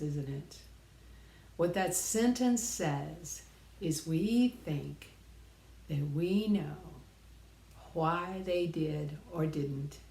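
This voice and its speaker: A woman's voice: deep voice, mellow, echoey room. A middle-aged woman giving an earnest, reflective personal talk, sharing life lessons and pressing her points with emphatic repetition.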